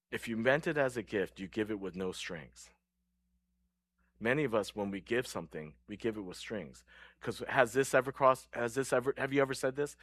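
Bright-voiced casual preacher, man. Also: medium pitch, animated, normal speed. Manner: casual, joking, laughs often. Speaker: pastor. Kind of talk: sermon.

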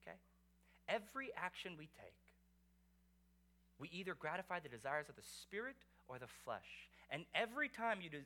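A man preaching a sermon as pastor, animated and conversational, asking the congregation rhetorical questions. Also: a little high.

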